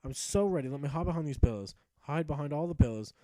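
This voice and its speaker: A man's voice: fairly high pitch, animated, fast, mellow, dry recording, voice pushed down, close to an everyday voice. A man voicing his own game knight, a bumbling young hero who swears and mutters nervously to himself. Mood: psyching up.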